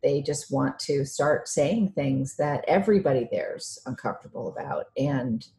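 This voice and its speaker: Low-voiced frank woman co-host. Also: animated, moderate pace, mellow. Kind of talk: casual chat. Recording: faint background noise.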